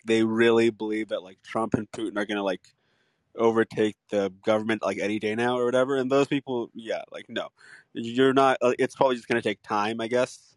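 A man's voice: fairly low pitch, dry recording. Laid-back young man co-host. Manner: relaxed, heavy use of "like". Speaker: podcast co-host. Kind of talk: casual chat.

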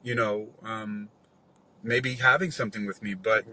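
Bright-voiced man telling a rambling story. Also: on the low side, measured pace, slight background noise, low-quality recording. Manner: rambling, profane, animated retelling with quoted dialogue. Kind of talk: casual storytelling.

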